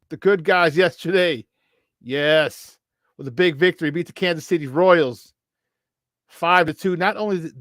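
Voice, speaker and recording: Fired-up male sports radio host, high voice, close dry studio sound, greets listeners by name. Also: measured pace, no room sound. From Chicago area. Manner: hyped, shouting out listeners by name. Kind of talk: morning sports talk show.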